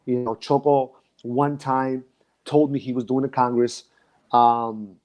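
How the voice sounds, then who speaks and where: A man's voice: mid-range voice, fairly even intonation, slow, a little mellow, dull audio. A man, a dance instructor, recalling his past in a reflective, emotional way and often restarting his sentences. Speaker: guest. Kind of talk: casual conversation.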